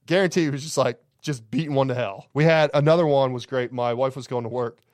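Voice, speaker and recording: A man's voice: mid-range voice, fast talker, a little mellow, no room sound, clean studio sound. Profane man telling campground stories. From Alabama. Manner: rambling, profane, laughing anecdotes. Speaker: campground owner, podcast guest. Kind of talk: casual podcast storytelling.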